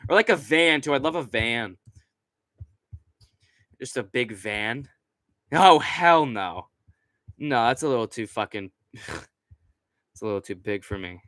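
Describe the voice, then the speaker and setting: A man's voice: medium pitch, animated, measured pace, pauses often, pushed and bright, no echo. A young man hosting a casual late-night stream, rambling and swearing with lots of fillers, seated at a computer with a desk mic. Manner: rambling, profane, many fillers. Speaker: streamer host. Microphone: desk microphone right in front.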